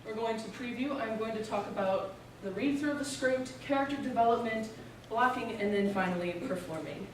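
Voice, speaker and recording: A young woman giving an informative speech as a student presenter, explaining steadily with the odd filler pause. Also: a little high, slight background noise. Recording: echoey room, voice from a distance.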